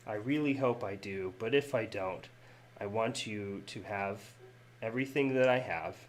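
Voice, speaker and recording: A man's voice: fairly low pitch, normal speed, slight background noise, close to an everyday voice. A man reading as a weary lawman's tender farewell. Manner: soft, tender, reflective. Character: weary older male lawman writing a farewell letter.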